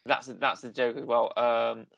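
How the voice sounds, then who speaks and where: A man's voice: mid-range voice, level tone, moderate pace, vocal fry, a bit bright, no echo, dull audio. Rambling man chatting films. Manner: rambling, lots of ums and restarts. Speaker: podcast co-host. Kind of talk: casual film chat.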